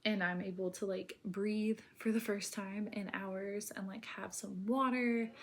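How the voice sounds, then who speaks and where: A woman tells her own birth story in casual, rambling speech packed with filler words, sometimes dropping to a soft near-whisper. Her voice is mid-range and fairly even in intonation, and she speaks a little slowly.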